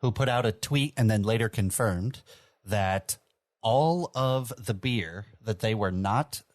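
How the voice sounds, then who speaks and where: Low-voiced easygoing podcast co-host. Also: male voice, a little mellow, no echo. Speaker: podcast co-host, beer news. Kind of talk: casual chat.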